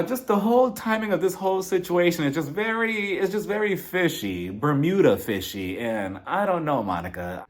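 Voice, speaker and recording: Casting note: male reality TV recap host, gossipy and animated, mid pitch, laughs often, jumps into voices for quotes. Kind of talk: casual recap commentary.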